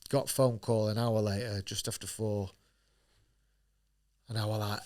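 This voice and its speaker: A professional boxer, guest on a podcast, tells his story candidly in a medium-pitched male voice at normal speed with fairly even intonation. He's blunt, swears freely, and acts out the dialogue of the people he quotes.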